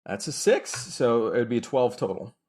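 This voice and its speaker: A man playing a character in a casual tabletop role-playing game speaks hesitantly, full of fillers and restarts. His medium-pitched voice swings widely in pitch at a normal speed, with a darkish tone and a breathy edge.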